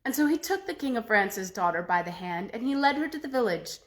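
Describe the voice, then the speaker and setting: Lady reading a folk tale out loud, very expressive, draws out the big moments, pitch on the higher side. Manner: expressive, slow dramatic pauses. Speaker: storyteller.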